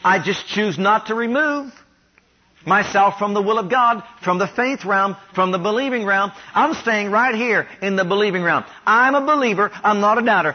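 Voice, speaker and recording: A man from Ohio preaches a sermon in a high voice, leading the congregation in call-and-response declarations. He grows louder and higher as he repeats them. The recording sounds dull and lo-fi. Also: fairly quick, slightly rough. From Ohio, USA. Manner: has the congregation repeat declarations after him.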